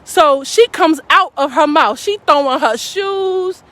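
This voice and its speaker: A woman's voice: high-pitched, takes it slowly, a bit bright, dry recording. A woman giving a fervent, preaching-style live stream talk, calling out to her audience as a faith speaker.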